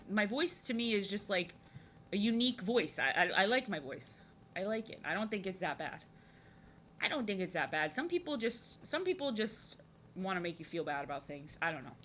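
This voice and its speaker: A young woman chatting while drawing on a live stream. She talks in an overexcited, chatty way, often repeats herself, and has a youthful voice that people say sounds like an excited little boy. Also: mid-range voice, a little hiss or hum. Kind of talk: casual chat while drawing.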